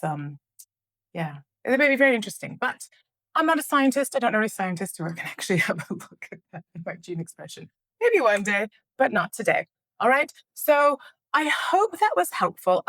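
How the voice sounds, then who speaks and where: A middle-aged woman, an educator and trauma researcher, giving a flip chart lesson to camera in an earnest, animated way with frequent rhetorical checks. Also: lowish voice.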